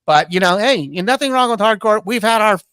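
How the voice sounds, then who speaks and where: A man chatting on a punk music podcast, halting and repeating himself. His voice is smooth and clear. It is fairly high for a man. The sound is close and dry. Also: lively intonation, sharp tone, no echo. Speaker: podcast co-host. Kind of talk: casual chat.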